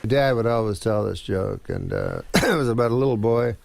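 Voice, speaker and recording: A male comedian telling a long, rambling story in a deadpan way, halting, with many fillers. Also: fairly low pitch, creaky, background noise.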